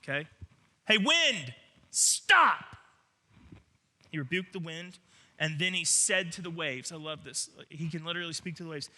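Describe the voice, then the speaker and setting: A man's voice: on the high side, fairly even intonation, a little fast, sharp tone. A man preaching a sermon as pastor, earnest and emphatic, often doubling his words as he restarts.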